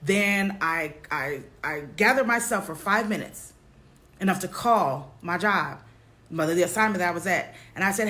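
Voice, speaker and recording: A woman vlogger telling a personal story straight to her viewers, halting often and repeating herself. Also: on the low side, pushed and bright. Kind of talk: candid personal storytelling to camera.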